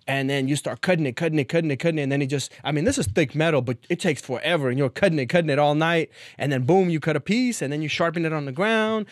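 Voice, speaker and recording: A man telling stories as a podcast guest in casual chat, animated, acting out quoted lines with big jumps in pitch. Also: fast talker, few pauses, no room sound. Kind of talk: casual storytelling.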